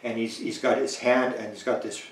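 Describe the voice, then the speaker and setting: A man's voice: medium pitch, a little fast, a little hiss or hum. A man being interviewed, spinning a long story with energy and voicing the other people in it. His voice sits mid-range and comes from a little way off the mic. The room is echoey and bounces the sound back. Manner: animated, chuckling, acts out quoted dialogue. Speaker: interview guest. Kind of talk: anecdotal storytelling in conversation. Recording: roomy, distant mic.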